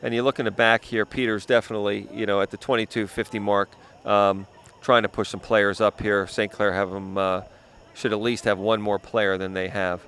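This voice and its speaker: Doing local play-by-play at a youth soccer match outdoors, a commentator explains each play, often saying "yep" and "uh." He speaks at a moderate pace with hardly any pauses, his slightly bright voice on the low side with little pitch movement, over faint outdoor noise.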